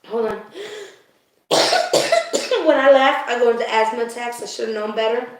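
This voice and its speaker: A woman with a fairly high voice gives a live spiritual card reading, speaking straight to her viewers. She is emotional and confiding, laughs easily, and keeps checking that the listener is following. The recording is drenched in the echo of a bare room. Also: fairly even intonation, quick pace, few pauses, very noisy. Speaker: spiritual reader. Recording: very echoey room.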